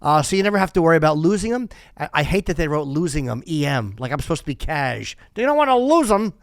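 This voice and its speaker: A man in his fifties with a fairly high, smooth, resonant voice reads sponsor ads live on a podcast. He keeps drifting off script into crude, sarcastic asides. The sound is dry and close. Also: fast talker, dry recording. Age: 50s. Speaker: podcast host.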